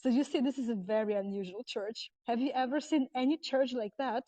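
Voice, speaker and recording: A woman's voice: a little high, brisk, warm tone, no room sound. Awestruck woman guide. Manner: effusive, breathless with wonder. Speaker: tour guide. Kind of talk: live tour vlog. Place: inside a church. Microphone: handheld phone.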